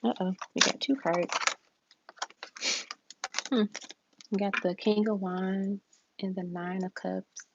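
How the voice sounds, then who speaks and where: A woman's voice: mid-range voice, fairly even intonation, slow, vocal fry, pauses often. A woman reading tarot cards live, chatting casually, laughing often and reading card messages aloud. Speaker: tarot reader. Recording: dull lo-fi stream audio with noise and keyboard clicks.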